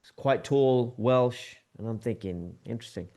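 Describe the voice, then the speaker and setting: A man, a podcast guest telling a lively anecdote in conversation and acting out the dialogue. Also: mid-range voice, moderate pace. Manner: lively, acts out quoted dialogue with shifting tone.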